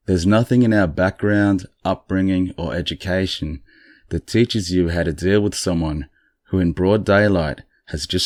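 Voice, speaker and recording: Male podcast host, very low voice, congested, casual dry storyteller, close dry sound. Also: no room sound. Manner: relaxed, chatty, dryly amused. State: congested morning voice.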